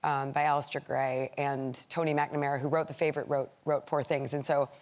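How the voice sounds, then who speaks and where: A woman actress and producer speaking as a chat show guest, thoughtful and halting. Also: low-pitched, little pitch movement. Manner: thoughtful, with restarts.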